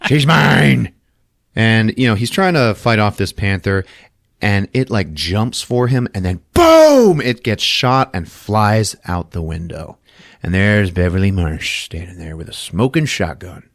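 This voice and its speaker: A man's voice: fairly low pitch, a little slow, fairly bright tone, no echo, clean studio sound. A man hosting a podcast, recapping a film in casual chat, laughing often and acting out scenes as he goes. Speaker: podcast host.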